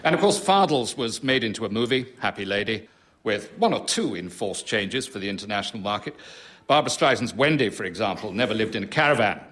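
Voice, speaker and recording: A man's voice: on the low side, animated, brisk, fairly bright tone. A middle-aged man performing a comic monologue for a live audience, rambling, dry and self-pitying. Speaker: comic author performing a show. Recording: live stage recording with noise.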